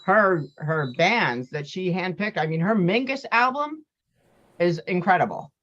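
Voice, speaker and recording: A woman's voice: fairly low pitch, expressive, measured pace, fairly bright tone. Chatty woman on a dull, muffled line. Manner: chatty storyteller, quotes others. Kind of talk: casual chat.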